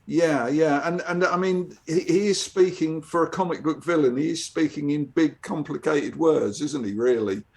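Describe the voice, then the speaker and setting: An older man talks through the pages of his own comic as a guest artist, musing aloud and restarting his sentences. His voice sits a touch high and has a gravelly, fried edge. It sounds like a relaxed, casual chat. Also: normal speed, hardly any pauses. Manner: reflective, with frequent restarts.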